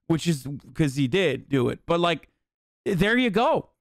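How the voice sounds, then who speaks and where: Excitable, profane high-voiced male streamer. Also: measured pace, gravelly, no echo, clean studio sound. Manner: profane, excitable, rants and acts out outbursts. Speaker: streamer reacting to a documentary. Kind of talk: casual reaction commentary.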